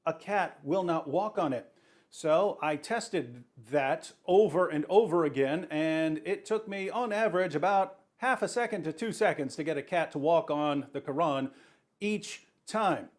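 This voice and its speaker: A man's voice: on the high side, unhurried. A man narrating a video clip in a matter-of-fact, explanatory way.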